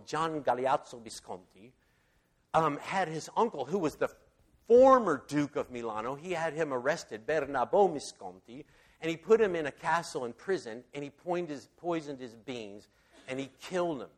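A man's voice: fairly high pitch, animated, normal speed. A man giving a casual, rambling Bible talk, enthusiastic and full of fillers and restarts. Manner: enthusiastic storyteller.

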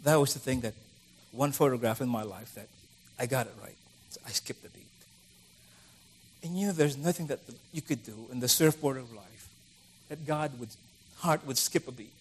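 A man's voice: medium pitch, normal speed, few pauses, husky. A middle-aged man preaching a conversational sermon, acting out the voices of the people he quotes.

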